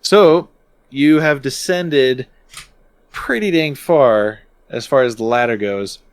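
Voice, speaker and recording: A man's voice: mid-range voice, takes it slowly, clean tone. A man running a tabletop game as dungeon master, narrating unhurriedly and often chuckling.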